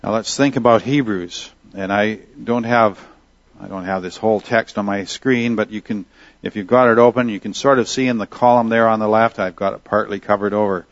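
A man's voice: on the low side, fairly even intonation, fairly quick, no room sound, lo-fi sound. A man teaching a Bible lesson in a conversational way, asking his listeners questions and reading Scripture aloud. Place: at a desk with Bible and notes on screen.

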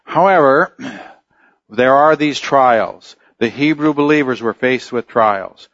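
A man preaching an expository sermon in an earnest way, often pausing with fillers and restarting his sentences. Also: mid-range voice, lively intonation, a bit bright, no echo, lo-fi sound.

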